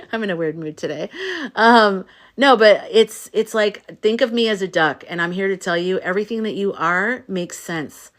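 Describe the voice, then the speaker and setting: Speaking at normal speed in a medium-pitched voice, a middle-aged woman who works as a spiritual coach hosts a laid-back livestream. Her talk with viewers is playful and rambling, with some swearing here and there.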